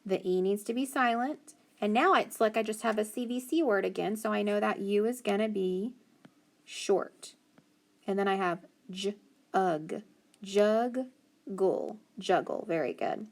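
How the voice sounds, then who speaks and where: A woman teaching a phonics lesson to children, slowly sounding out letters and praising answers. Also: medium pitch, gravelly. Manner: slow, encouraging, sounds out letters.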